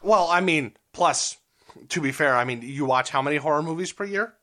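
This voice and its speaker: A middle-aged man co-hosting a podcast, chatting casually and gushing with excitement about retro games. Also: fairly high pitch, normal speed. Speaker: podcast co-host.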